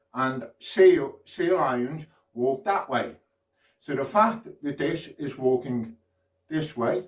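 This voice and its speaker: A man's voice: mid-range voice, roomy sound, distant mic, low-quality recording. A man from the UK performing a playful children's magic routine, prompting the audience to join in.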